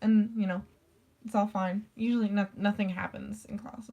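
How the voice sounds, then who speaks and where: A woman's voice: medium pitch, fairly even intonation, normal speed, gravelly, mellow. A woman chatting casually in a vlog, rambling with lots of "like" and casual swearing. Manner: rambling, full of "like" fillers. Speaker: vlogger. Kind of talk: casual chat.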